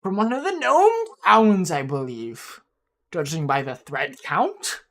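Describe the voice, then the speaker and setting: A man's voice: high voice, big pitch swings, takes it slowly, fairly bright tone, full character voice. A man voicing a fussy, haughty old male gnome collector in a tabletop game, with a clipped, appraising manner.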